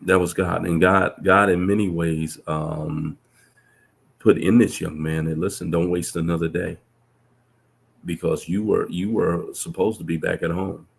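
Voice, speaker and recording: A man's voice: fairly even intonation, a little slow. A man, a professor, telling reflective stories in a casual conversation, earnest and full of restarts. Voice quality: deep gravelly voice. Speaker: professor, guest.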